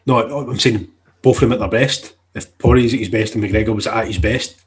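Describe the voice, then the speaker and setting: A man's voice: on the low side, a little fast. A man co-hosting a podcast, laid-back and casually swearing in chat. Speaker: podcast co-host.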